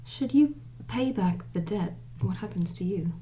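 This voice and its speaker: A woman player speaking in character in a tabletop game, gently asking probing questions, often close to a whisper. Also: medium pitch, lively intonation, unhurried. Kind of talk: in-character tabletop role-play. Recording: background noise.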